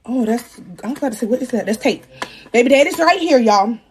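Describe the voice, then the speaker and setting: A young woman in her twenties casually telling her viewers a story, animated, profane and self-mocking, acting out the voices of the people in it. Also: a little high, brisk, breathy edge. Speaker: vlogger.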